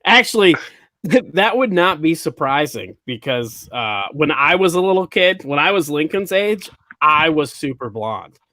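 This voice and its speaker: A man with a fairly high speaking voice hosts a comedy podcast, workshopping jokes in loose, casual chat. He laughs often and riffs aloud. The sound is dry and close, with no room around it. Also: sing-song, unhurried, pushed and bright, dry recording.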